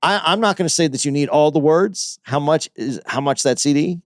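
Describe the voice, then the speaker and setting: A man co-hosting a podcast talks briskly in a slightly high voice, captured with clean, dry studio sound. In the casual back-and-forth, he lays out his point at length and keeps restarting sentences while working it out.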